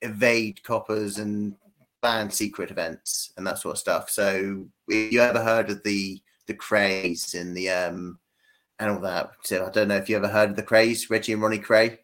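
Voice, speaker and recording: A man, a podcast guest slowly explaining things in casual chat, with many pauses and fillers. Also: fairly low pitch, steady tone, fairly bright tone. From England.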